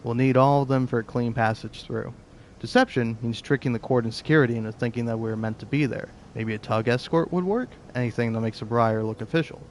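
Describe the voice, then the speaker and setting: A man voicing a nervous, weary spacefaring planner from a video game, using his own voice pitched slightly higher. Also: fairly quick, a little hiss or hum, close to an everyday voice. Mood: planning. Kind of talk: reading game dialogue aloud.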